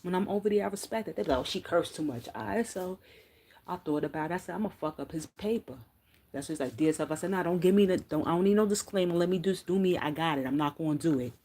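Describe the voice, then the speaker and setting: Fast-talking, profane woman ranting on a live stream. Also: lowish voice. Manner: fast, profane, animated storytelling with slang. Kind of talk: unfiltered casual rant. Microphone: phone.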